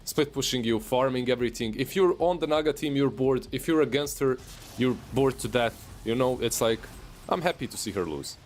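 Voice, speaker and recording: A man's voice: medium pitch, brisk, slight background noise. Laid-back male color commentator. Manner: relaxed, chatty, lots of "like" and opinion. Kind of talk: casual analytical game commentary.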